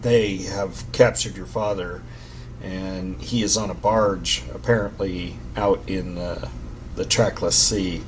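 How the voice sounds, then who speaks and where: A man playing a tabletop game, speaking in a slow, matter-of-fact way. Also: deep voice, fairly even intonation, a little hiss or hum. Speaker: player. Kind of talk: casual tabletop play.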